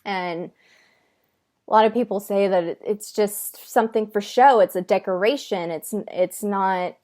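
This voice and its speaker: A woman's voice: mid-range voice, a little slow, darkish tone. A woman from the United States, co-host and spirit medium, talking earnestly in a casual video-call chat and often restarting her sentences.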